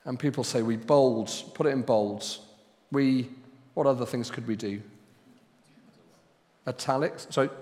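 A man preaching a sermon as pastor, speaking slowly and deliberately and pressing hard on key words. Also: a little high, big-room sound. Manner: slow and deliberate, with loud emphatic stresses.

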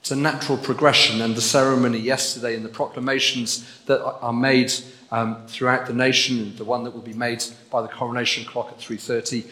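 A man preaching a sermon in a large, echoing room, his words trailing off into a long reverb. He talks earnestly and builds to emphatic, repeated phrases. His voice sits at an ordinary pitch for a man. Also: level tone, fairly quick, hardly any pauses, pushed and bright. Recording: echoey hall with long reverb.

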